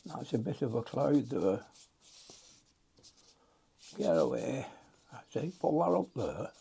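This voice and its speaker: A man's voice: mid-range voice, big pitch swings, takes it slowly, vocal fry, warm tone, slightly rough. An older man, chatting and muttering to himself as he demonstrates a watercolour painting.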